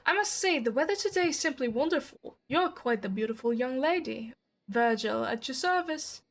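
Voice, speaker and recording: A woman's voice: high-pitched, expressive, moderate pace, slight background noise. A woman reading the part of a pompous, elegant male noble, in a flowery, formal and condescending way.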